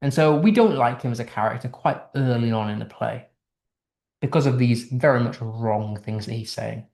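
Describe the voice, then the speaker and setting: A UK man explains a literary text line by line during a casual online English literature lesson, chatting and restarting as he goes. His voice is medium-pitched, creaky and somewhat dark in tone, at normal speed, and the recording is reverberant.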